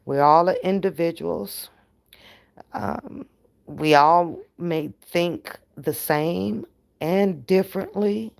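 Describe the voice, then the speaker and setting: A woman hosting her own channel in a casual, profane livestream rant, animated and laughing often. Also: lowish voice, drawn-out words, vocal fry. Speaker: channel host.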